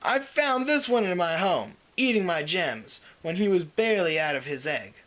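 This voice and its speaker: A man's voice: high-pitched, very animated, unhurried, a bit bright, pitched above the performer's own voice, exaggerated voice, rough recording. A man voicing a huge, scornful male green dragon who mocks and snarls. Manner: mocking, snarling, growling.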